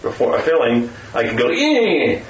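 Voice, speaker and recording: A man's voice: a little high, huge pitch swings, normal speed, crowd noise. A man chatting casually in a sarcastic, rambling way, often mimicking voices, recorded from a distance with a muffled sound. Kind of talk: casual chat. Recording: roomy, distant, muffled with faint noise.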